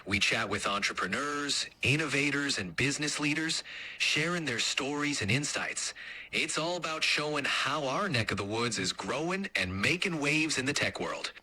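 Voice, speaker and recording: A man's voice: mid-range voice, lively intonation, normal speed, bright, forceful tone. A male AI voice putting on a folksy Eastern Kentucky accent. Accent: Eastern Kentucky, imitated. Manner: folksy, says partner and neck of the woods.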